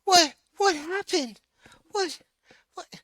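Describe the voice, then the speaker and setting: A man voicing a flustered little ferret handler with a squeaky, high voice in a tabletop game. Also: takes it slowly, a bit bright, no echo, clean studio sound, heavily acted.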